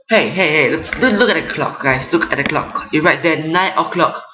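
A man's voice: fairly high pitch, moderate pace, hardly any pauses, noisy background. A man giving casual commentary while playing a horror game, chatting and reading game text aloud. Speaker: gameplay reaction streamer. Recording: echoey room.

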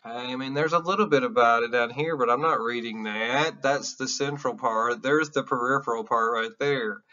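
A Southern-accented man lectures a class casually and bluntly, swearing freely. His voice is bright and edgy, and the recording sounds dull and lo-fi. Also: mid-range voice, normal speed. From American South. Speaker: college instructor.

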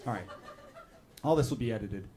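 A man in his thirties from Chicago doing stand-up crowd work in a comedy club, riffing and swearing in an animated way. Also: on the low side, brisk, very noisy. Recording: live club audience laughter. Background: crowd laughing.

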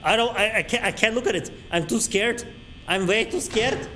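A man's voice: high-pitched, moderate pace, bright, forceful tone, faint music behind. A male streamer reacting to a horror game, crude and panicky, swearing and yelping at every scare.

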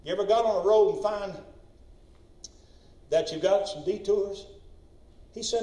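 A man preaching a sermon as pastor, impassioned and rising to shouts when he tells a story. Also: high-pitched, a little slow, pauses often. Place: church sanctuary. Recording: echoey church from far off.

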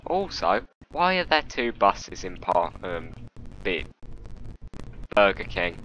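A young man rambling to himself with dry, self-mocking humor while playing a bus-driving game, speaking through a headset mic in a monotone voice. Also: sits low, slow, long pauses, dull audio, a little hiss or hum. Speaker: gamer commentating his play. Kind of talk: rambling solo gameplay commentary.

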